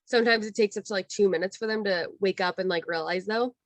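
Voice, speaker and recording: Young woman, twenties, chatty guest storyteller, dry close mic, mid pitch. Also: fast talker, no echo. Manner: animated storyteller, acts out quotes in a higher voice, lots of "like". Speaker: guest, former theme park cast member. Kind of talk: casual storytelling interview.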